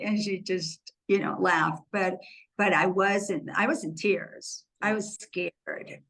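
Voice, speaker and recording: A woman's voice: mid-range voice, fairly even intonation, moderate pace, bright, forceful tone, low-quality recording. A woman co-hosting a podcast, telling a candid and emotional personal story in casual chat. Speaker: podcast co-host.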